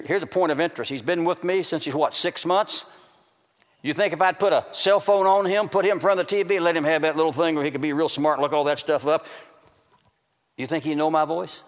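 A man preaching a sermon to a congregation, swinging between loud calls and hushed pleading. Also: mid-range voice. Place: large hall with an audience. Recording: reverberant hall.

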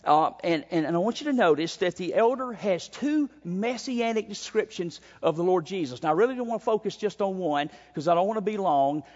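A male pastor preaching a sermon, emphatic, with sudden swings in pitch and pace. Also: animated, a little fast, hardly any pauses, darkish tone. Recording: dull sound with long hall reverb.

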